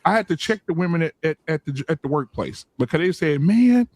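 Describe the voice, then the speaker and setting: A man with a high-pitched voice, recorded dry and close, co-hosting a podcast. He talks in an emphatic, opinionated way, swearing freely and acting out what he said to others. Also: lively intonation, brisk, dry recording. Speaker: podcast co-host. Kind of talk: casual chat.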